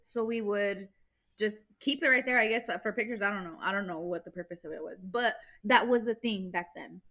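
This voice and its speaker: A woman's voice: mid-range voice, a little fast, fairly bright tone. A woman on a casual podcast, chiming in with details and laughing along with her friend. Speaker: podcast co-host. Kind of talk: casual chat.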